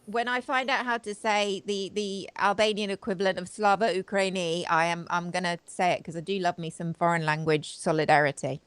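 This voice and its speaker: A woman's voice: lowish voice, fairly even intonation, brisk, hardly any pauses, clean tone, dry recording. A woman hosting a live stream, giving sarcastic, chatty commentary and talking straight to her audience. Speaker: host. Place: home studio, live video.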